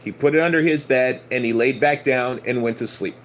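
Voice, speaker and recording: A male spiritual teacher preaching in a loose, conversational way, with an average-pitched voice. He swears freely and drives home each point by repeating it. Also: brisk, a little hiss or hum. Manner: blunt, profane, emphatic preaching. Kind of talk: casual sermon.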